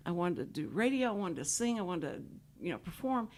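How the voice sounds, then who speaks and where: Fast and lively, with a fairly low, slightly mellow voice, a talk show host from Houston, Texas chats with guests in a radio studio. The conversation is casual, and she tends to ramble and laugh often.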